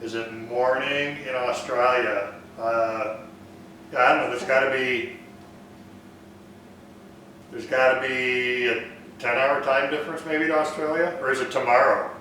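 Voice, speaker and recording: A man with a bright, forward voice hosts a casual woodworking live Q&A, reading out viewer comments and thinking aloud between them. He sounds distant from the mic in a very echoey workshop, with a faint hiss behind him. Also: medium pitch, measured pace, pauses often. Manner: relaxed, thinks aloud with fillers. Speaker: woodworking live stream host. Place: woodworking shop.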